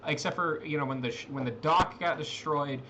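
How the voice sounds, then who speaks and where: Man, game master, slightly high voice, faint background noise, rambling narration. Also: fairly quick. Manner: rambling, many fillers and restarts.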